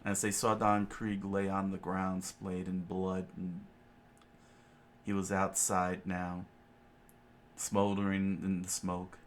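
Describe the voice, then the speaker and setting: A man reads a comic story aloud in a low, unhurried voice. He talks casually, with fillers and offhand asides, over a faint background hiss. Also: monotone. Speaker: reader.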